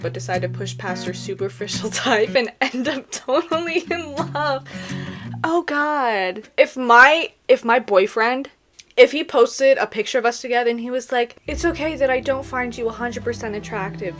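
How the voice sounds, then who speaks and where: A young woman giving sarcastic, animated comedic commentary on videos, with laughing asides. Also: high-pitched. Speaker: reaction video creator.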